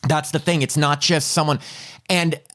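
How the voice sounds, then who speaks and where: A man's voice: a little high, normal speed. A man co-hosting a podcast, reviewing a horror film in casual chat and acting out its lines. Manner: animated, acts out lines from the film. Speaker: podcast co-host.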